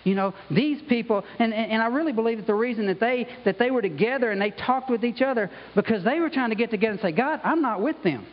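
A man delivers a conversational sermon, sprinkling in "you know" and "okay" as he goes. His voice sits high for a man. The recording sounds dull and carries a long reverb from the church sanctuary. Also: quick pace, few pauses. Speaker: pastor.

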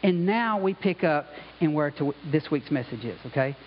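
A man's voice: on the high side, expressive, normal speed, slight background noise. A man preaching a conversational sermon as pastor in a church, often asking "you know?" and "okay?". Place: church sanctuary. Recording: dull sound with long hall reverb.

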